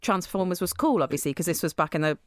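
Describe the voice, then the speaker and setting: A woman with a fairly low voice tells stories in a candid, sweary, casual way. The recording is dry and close, with little room sound. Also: lively intonation, fast talker, dry recording. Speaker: actress and podcast co-host. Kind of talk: casual chat.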